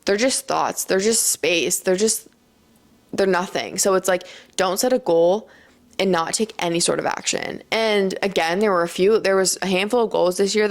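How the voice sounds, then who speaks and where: A young woman speaks straight to her audience in a chatty, earnest vlog, her fairly low voice often dropping into a gravelly fry. She strings her thoughts together loosely, leaning on filler words as she reflects. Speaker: lifestyle vlogger. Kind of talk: casual reflective talk to camera.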